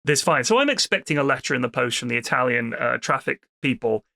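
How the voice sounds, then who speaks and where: A man's voice: mid-range voice, fast, creaky, a little hiss or hum. A man from the UK co-hosting a podcast, telling holiday stories in casual chat, swearing freely and acting out the people he met. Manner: animated, swears freely, acts out people in anecdotes. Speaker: podcast co-host.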